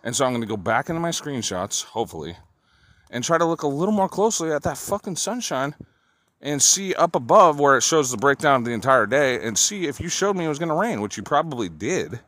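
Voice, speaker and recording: On a walk through city streets, a man records a rambling vlog monologue that turns into a furious, swear-heavy rant. His mid-range voice is brisk, very animated and fairly bright, with no echo and faint street noise behind.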